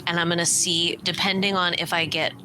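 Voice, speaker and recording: A woman playing a tabletop role-playing game, talking haltingly. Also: on the low side, little pitch movement, over music, low-quality recording. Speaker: player.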